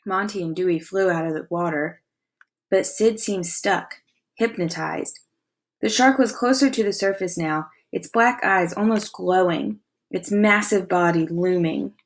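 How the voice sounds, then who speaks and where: A woman teacher reading a novel aloud to her class with expressive storytelling, pausing to ask comprehension questions. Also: lowish voice. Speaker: elementary school teacher.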